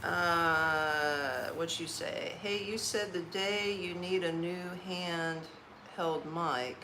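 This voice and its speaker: Drawing out her words in a lowish voice, a tired Orlando, Florida woman hosts a casual live stream from her apartment while eating. She laughs a lot and uses folksy slang, with background noise in the audio.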